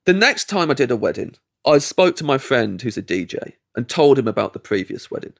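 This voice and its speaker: English man, comedian guest, storytelling, acts out voices, mid pitch. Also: fairly quick, gravelly. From England. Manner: animated, acts out quoted voices, laughs mid-sentence. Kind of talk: storytelling anecdote.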